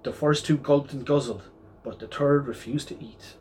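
A man reads a rhyming children's picture book aloud at a mid pitch. He keeps a steady rhythmic storytelling bounce. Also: moderate pace, slight background noise.

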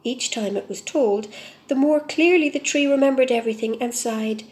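Woman gently reading a storybook. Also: high voice, normal speed, echoey room.

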